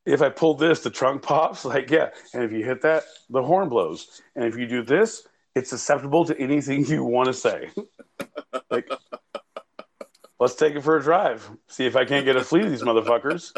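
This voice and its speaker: A man with a gravelly, creaky voice talks through a loose podcast conversation. He rambles, swears freely and laughs at his own jokes as he goes. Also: mid-range voice, normal speed. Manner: rambling, profane, jokey, laughs often. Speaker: podcast co-host. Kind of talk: casual podcast banter. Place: home studio, recorded remotely via live app.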